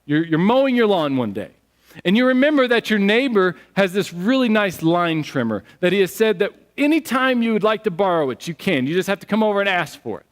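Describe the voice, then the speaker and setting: A man preaching a sermon as pastor, telling stories in an animated, conversational way. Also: sits high, a little fast. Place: church sanctuary. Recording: long church hall reverb.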